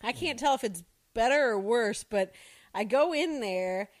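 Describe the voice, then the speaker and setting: A woman who works as a school social worker, telling stories in a casual, animated way, laughing and acting out the kids' shouts. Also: fairly high pitch, unhurried. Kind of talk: casual storytelling.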